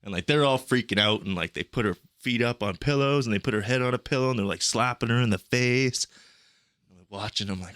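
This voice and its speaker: A man's voice: on the low side, lively intonation, brisk, bright, forceful tone, dry recording, studio quality. A young man telling travel stories on a podcast in a rambling, profane, casual way. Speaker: podcast guest.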